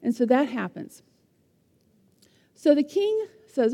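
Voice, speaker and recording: High-voiced woman teaching in an echoing hall. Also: slow pace. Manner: animated, asks the listeners questions. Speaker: teacher retelling a Bible story. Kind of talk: lively Bible-story lesson. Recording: long hall reverb.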